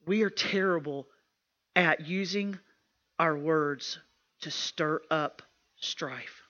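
A woman's voice: deep voice, takes it slowly, fairly bright tone, muffled recording. A woman speaking at a women's retreat, preaching emphatically and often repeating herself in a plain, homespun way. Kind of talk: sermon.

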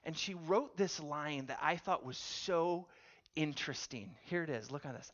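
A man's voice: fairly high pitch, moderate pace, lo-fi sound. Storytelling preacher quizzing his audience. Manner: animated storytelling, asks the audience questions. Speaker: pastor. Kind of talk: sermon.

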